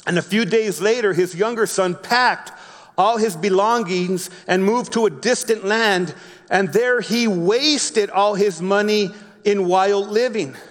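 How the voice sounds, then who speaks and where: A man preaching a sermon, reading a Bible story slowly and explaining it in his own words with frequent restarts. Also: high-pitched, long reverb tail. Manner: reads scripture slowly, then explains with repeated restarts. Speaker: pastor.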